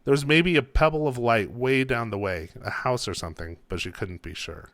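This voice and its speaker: A man, an author, reading his own story aloud in a calm, unhurried way. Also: mid-range voice, no room sound.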